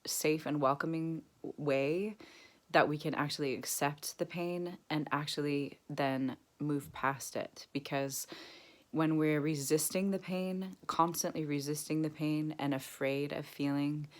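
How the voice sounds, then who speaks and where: Young woman with a low voice doing a self-help vlog, soft and reflective, coughs now and then. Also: steady tone. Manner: gentle and reflective, slows to a soft near-whisper when guiding. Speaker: vlogger. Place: Berlin.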